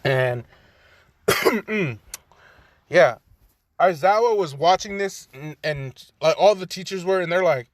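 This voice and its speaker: Casual young man, twenties, profane rambler, slightly high voice, dry home room. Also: lively intonation, slow pace, long pauses, no echo. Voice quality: profane, loose, filler-heavy talk. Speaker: fan-story narrator. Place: room at home by a cracked window.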